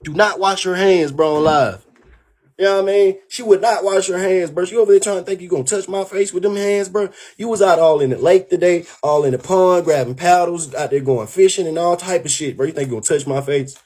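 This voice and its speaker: A young man telling a heated, profane story on his livestream, animated and worked up. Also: high voice, brisk. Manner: profane, animated, keeps saying "bro".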